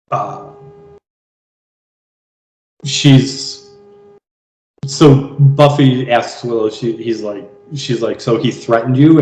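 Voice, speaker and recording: A man's voice: medium pitch, darkish tone. Man, podcast co-host, casual and helpful recap with plenty of fillers; roomy echo, faint hum. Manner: quick, helpful, with repeated words and fillers. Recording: echoey room with faint hum.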